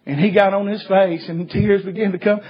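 A man preaching a sermon, telling stories fervently and rising to shouts. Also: high-pitched, fairly even intonation, fairly quick, slightly rough, highs cut off. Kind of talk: sermon with storytelling.

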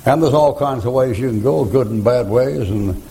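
A man's voice: medium pitch, moderate pace, gravelly, poor audio. An older man preaching a folksy sermon full of stories, chuckling as he talks. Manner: folksy storytelling, chuckling, rising to shouted rhymes.

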